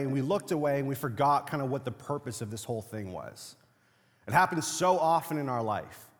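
A young man from a Latino family serves as pastor, preaching in a large hall with a high-pitched, fairly bright voice. He keeps the sermon relaxed and funny, telling stories like he's chatting.

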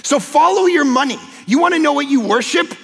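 A man preaching a sermon as a pastor, impassioned and emphatic, sometimes breaking into shouts. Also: extremely high pitch, animated, a little fast, in a large hall. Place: church sanctuary.

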